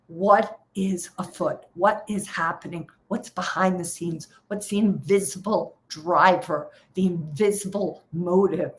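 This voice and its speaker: Middle-aged woman trading coach, energetic and emphatic, live coaching session. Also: fairly low pitch, a little slow, hardly any pauses. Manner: energetic, emphatic, acts out inner voices.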